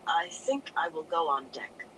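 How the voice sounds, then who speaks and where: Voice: medium pitch, sing-song, measured pace, pushed and bright, a little hiss or hum, rough recording. A reader voicing a stubborn, hot-tempered young woman who talks stiffly and growls her words.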